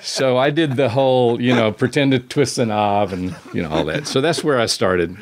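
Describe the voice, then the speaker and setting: A man's voice: mid-range voice, moderate pace. A man in his sixties, a record producer as a guest, telling rambling, self-deprecating stories with many restarts. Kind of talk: storytelling interview.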